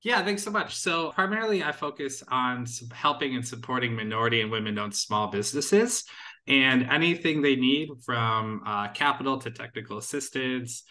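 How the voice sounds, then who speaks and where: A man with a bright, forceful voice answers questions as a guest on a podcast. He sounds upbeat and gives practical advice, in a middle pitch. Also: expressive, normal speed. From United States. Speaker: small business advisor, guest. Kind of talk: casual interview answers.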